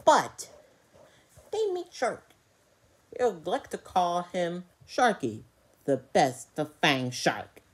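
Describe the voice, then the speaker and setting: A woman narrating a made-up stuffed-animal tale, pausing often and stumbling over words. Her voice moves very widely in pitch, and she tells it slowly. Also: huge pitch swings, husky. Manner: hesitant, with fillers and slips. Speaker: storyteller. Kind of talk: improvised children's story narration.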